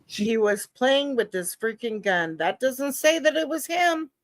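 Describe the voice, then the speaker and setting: A woman's voice: high-pitched, animated, a little slow, dry recording. A woman commentating live on a trial, skeptical and talking back to the lawyer. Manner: skeptical, talks back to the proceedings.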